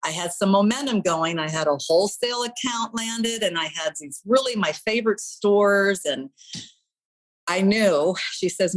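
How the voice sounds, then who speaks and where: A middle-aged woman with a slightly low voice tells her own story as an interview guest. She speaks earnestly and from the heart. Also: normal speed, low-quality recording.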